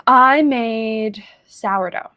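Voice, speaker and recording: A woman's voice: a little high, very slow, pushed and bright, no room sound. A woman hosting a casual podcast chat, rambling and laughing easily with lots of fillers. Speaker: podcast host.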